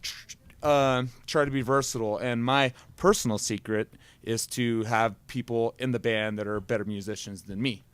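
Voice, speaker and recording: A man, a guest musician and advice columnist, chatting in a rambling, deadpan way and laughing at his own jokes. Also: mid-range voice, normal speed, smooth, no room sound. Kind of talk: casual live talk-show chat.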